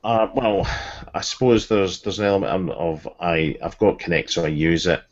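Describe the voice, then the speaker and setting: A man with a very low voice explains things at an even pace as a podcast's resident expert, often restarting his sentences as he thinks. The sound is dull and lo-fi, like an online call. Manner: measured, explanatory, many restarts. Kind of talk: casual group chat.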